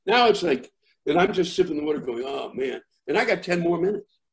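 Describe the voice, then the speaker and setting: A middle-aged man, a comedian, telling a rambling story in conversation with many fillers and restarts, acting out shouting crowds. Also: high-pitched, fast talker, slight background noise. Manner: animated, acts out shouting crowds. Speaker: comedian guest.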